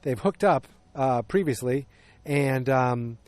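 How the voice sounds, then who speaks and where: A man talking through a casual solo podcast recap at a mid-range pitch. He rambles, corrects himself often and fills pauses with ums and uhs. Every so often he breaks in with a loud, excited exclamation. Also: no room sound. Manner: rambling, self-correcting storyteller with frequent fillers; animated, exclamatory asides. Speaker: podcast host.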